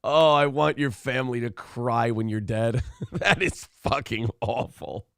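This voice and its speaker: A man's voice: medium pitch, measured pace, vocal fry, fairly bright tone, clean tone, no room sound, studio quality. A man co-hosting a morning talk show, joking crudely and reading chat comments aloud. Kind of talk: irreverent comedy chat.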